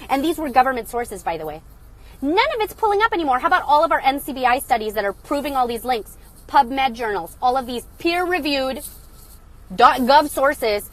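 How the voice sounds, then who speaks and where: A woman's voice: high voice, sing-song, moderate pace, fairly bright tone. A woman hosting a phone livestream, delivering an angry, blunt, sarcastic rant with swearing. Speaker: livestream host.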